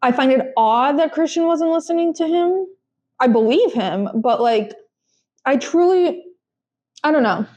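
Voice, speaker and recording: A woman's voice: high voice, lively intonation, measured pace, a little mellow. A young woman co-hosting a podcast, talking casually with lots of fillers and restarts. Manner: chatty, frequent fillers and restarts. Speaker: podcast co-host. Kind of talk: casual chat.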